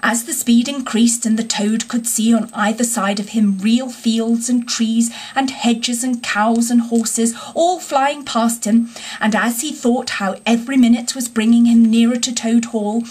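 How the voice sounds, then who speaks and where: A woman reading a classic children's storybook aloud in an expressive, unhurried way. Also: a little high, slightly rough. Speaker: audiobook reader. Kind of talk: storybook narration.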